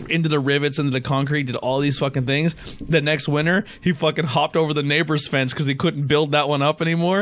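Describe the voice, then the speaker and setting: A man hosting a beer podcast, telling stories in casual chat, profane and animated. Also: on the high side, no room sound. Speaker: podcast host.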